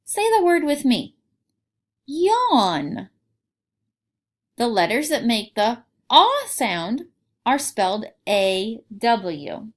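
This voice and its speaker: A woman teaching young children a phonics lesson, reading aloud and sounding out words clearly. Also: a little high, sing-song, slow pace.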